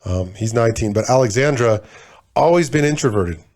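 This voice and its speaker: A man's voice: mid-range voice, lively intonation, fairly quick, a little mellow. A man in his forties co-hosting a podcast, telling stories in a blunt, laid-back way and swearing freely. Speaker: podcast co-host. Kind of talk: casual chat.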